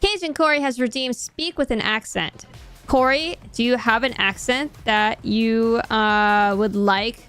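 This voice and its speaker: A woman's voice: a little high, measured pace, a bit bright, soft background music. A woman streaming a game, chatting casually with her chat in a rambling, self-deprecating way.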